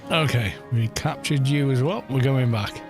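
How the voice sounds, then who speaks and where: A man's voice: medium pitch, normal speed, soft background music. A middle-aged British man chatting casually while streaming a game, rambling through anecdotes and swearing now and then. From Britain. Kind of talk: casual chat while gaming.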